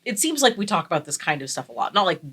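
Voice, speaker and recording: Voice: medium pitch, very animated, racing, fairly bright tone, breathy edge. A podcast co-host in casual chat, playful and explaining things step by step.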